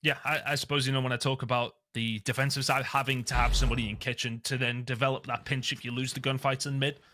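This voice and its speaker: A man giving excitable play-by-play commentary on an esports match, rising sharply on big plays. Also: medium pitch, fast, slight background noise. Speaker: esports caster. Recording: loud game gunfire behind.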